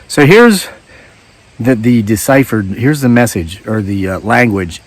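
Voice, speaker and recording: A man's voice: lowish voice, expressive, unhurried. Rambling, wry man telling a story outdoors. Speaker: vlogger. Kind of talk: casual storytelling monologue. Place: outdoors in woods.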